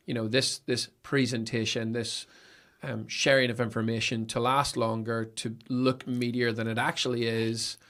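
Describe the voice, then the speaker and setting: Man, podcast host, mid-pitched voice, reflective, thinks aloud. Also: little pitch movement, normal speed, fairly bright tone. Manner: thoughtful, thinking aloud with restarts. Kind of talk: podcast interview.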